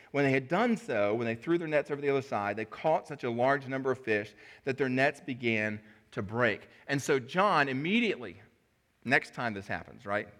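A man preaching a sermon in a conversational way, acting out the dialogue of the people in his story. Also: a bit bright. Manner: conversational, acts out dialogue with sudden pitch jumps.

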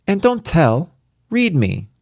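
A man's voice: fairly high pitch, wildly swooping pitch, slow pace, gravelly, a little mellow, dry recording, clean studio sound, voice pushed up, full character voice. A man reading aloud and voicing a precocious, impatient little girl of four with a demanding, impish manner.

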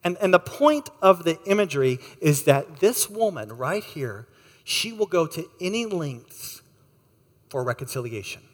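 A man preaching a sermon, telling a story with lively acted-out voices and asking the listeners questions. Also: on the high side, measured pace, long reverb tail. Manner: animated storyteller, acts out voices. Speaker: pastor.

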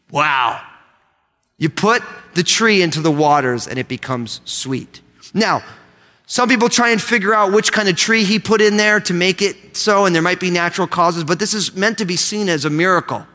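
A man preaching to his congregation in a high, bright voice that rings out. He is animated and pulls the crowd into call-and-response. The sound carries a long reverb from the church hall. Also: moderate pace. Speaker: pastor. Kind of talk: sermon. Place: church sanctuary.

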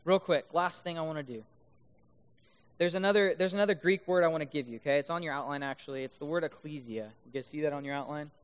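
A young man preaching a youth sermon, earnest, often repeating his words and swinging from loud to soft. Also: a little high, fast talker, clean tone. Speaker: youth pastor.

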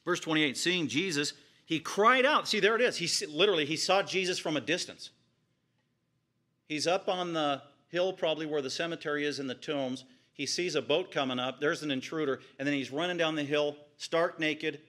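Male pastor preaching, bright and slightly high voice, dramatic swings between hushed and exclaimed lines, repeats phrases for vivid effect. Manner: retells scripture vividly, piling up repeated phrases. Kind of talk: expository sermon.

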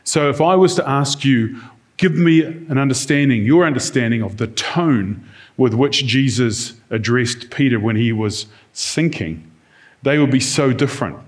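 A man's voice: mid-range voice, a little slow. A man preaching a sermon in a conversational way, now and then acting out quoted lines in different tones.

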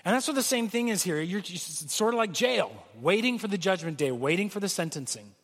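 Male pastor, earnest sermon delivery, high voice, recorded in a reverberant church hall. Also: animated, fairly quick. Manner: earnest preaching, acts out pleading quotes.

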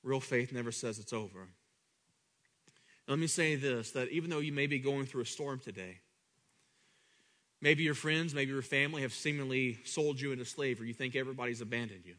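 Preaching at a fairly quick clip, this man alternates booming high bursts with hushed low remarks. He frequently says things twice and performs the voices of the people he describes.

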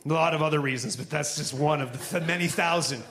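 A man's voice: fairly high pitch, fast talker, fairly bright tone, a little hiss or hum. A man preaching a sermon to a congregation in a conversational style with joking asides. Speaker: pastor. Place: church before a live congregation.

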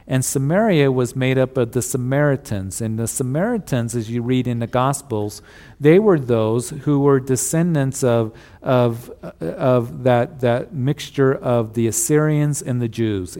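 A man's voice: mid-range voice, dark tone. Man preaching in a reverberant hall. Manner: storytelling Bible teaching, conversational asides to listeners. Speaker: pastor. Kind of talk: sermon.

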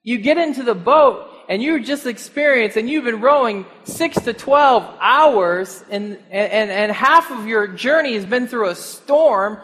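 A man's voice: extremely high pitch, a little slow, hardly any pauses, long reverb tail. A man preaching a sermon, asking his listeners questions and chuckling now and then. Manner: animated, rhetorical questions, chuckles often.

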